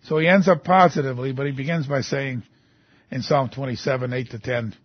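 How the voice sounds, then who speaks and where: A man's voice: a little high, a little fast, no echo, muffled recording. A man preaching a sermon, reading scripture aloud and rising into emphatic outbursts.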